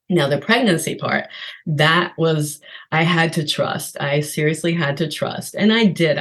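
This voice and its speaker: Low-voiced chatty middle-aged woman. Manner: chatty, animated, laughs often, many fillers. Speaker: podcast guest. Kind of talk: casual storytelling.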